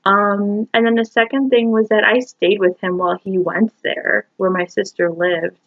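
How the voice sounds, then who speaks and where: A woman's voice: mid-range voice, fairly even intonation, moderate pace, no room sound. Young woman vlogger, confessional storytelling, rambling and emotional; dry, muffled phone audio. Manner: rambling, emotional, full of "like" and "you know". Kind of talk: personal storytelling to camera. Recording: dull lo-fi phone recording.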